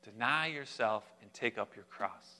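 A young adult man preaching a sermon as pastor, animated and humorous, speaking directly to his congregation. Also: medium pitch, measured pace.

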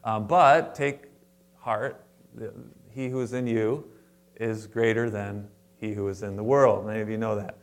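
A man preaching a sermon to his congregation in a conversational way, with restarts and asides, stressing words in sudden louder bursts. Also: fairly low pitch, fairly even intonation, a little slow. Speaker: pastor. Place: church sanctuary before a congregation.

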